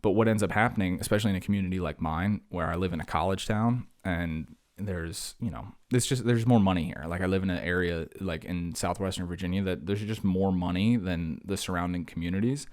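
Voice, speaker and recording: A man hosts his own solo podcast, rambling in a casual, jokey monologue and talking himself down from rants. His voice is low-pitched and a little mellow, and he talks a little fast with few pauses.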